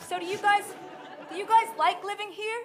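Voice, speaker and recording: Woman doing a super high-pitched eager young gal with a new york accent, musical comedy. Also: a little fast, faint music behind, a faint crowd. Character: naive cheerful young woman Petunia.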